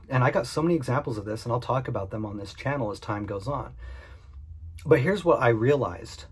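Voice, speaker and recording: A man's voice: medium pitch, a little mellow, breathy edge. A man and small business owner speaking earnestly and candidly in a vlog monologue, repeating his points for emphasis. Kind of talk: direct-to-camera vlog monologue.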